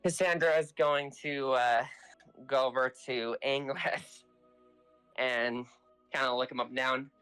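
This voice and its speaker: A tabletop player casually narrating what their character does, in a halting way with restarts. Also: medium pitch, fairly even intonation, a bit bright, clear, resonant tone, soft background music, poor audio.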